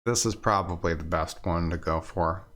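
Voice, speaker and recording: A man playing a story game, reading its text aloud quickly and thinking aloud between choices. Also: low voice, fairly bright tone, slight background noise. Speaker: game streamer.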